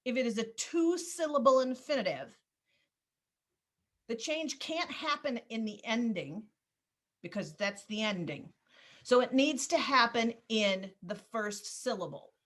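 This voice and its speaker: A woman's voice: a little high, expressive, unhurried. Patient woman teaching over a video call. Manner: patient, step-by-step explaining; calls on students gently. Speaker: Spanish teacher. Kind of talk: online class instruction.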